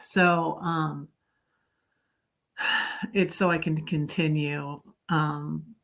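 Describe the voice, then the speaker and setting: Middle-aged woman, low and unhurried, rambling livestream host full of ums. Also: level tone, gravelly. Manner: rambling, halting with many ums, greets viewers brightly. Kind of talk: casual livestream chat.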